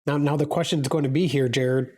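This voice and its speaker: A man's voice: a little high, steady tone, brisk, darkish tone. A man co-hosting a sports podcast, stuffy from a cold, talking hesitantly with repeated words. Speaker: podcast co-host. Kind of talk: casual sports podcast talk.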